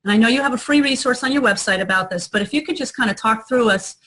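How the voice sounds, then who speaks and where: A woman with a slightly high voice co-hosts a relaxed chat. She asks her questions in a chatty way, often starting over mid-sentence. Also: quick pace. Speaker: podcast co-host. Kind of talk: casual kitchen-table chat.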